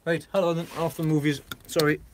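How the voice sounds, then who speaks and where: A man's voice: a little high, flat delivery, quick pace. A man chatting on a gardening live stream, rambling with lots of fillers and frequent giggles. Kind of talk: casual live stream chat.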